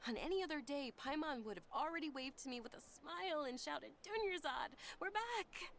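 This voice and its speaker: A soft-spoken young noblewoman from a video game, kind and caring, her voice sitting a touch high. She speaks politely and gently. Faint game music plays underneath. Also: lively intonation, normal speed. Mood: worried.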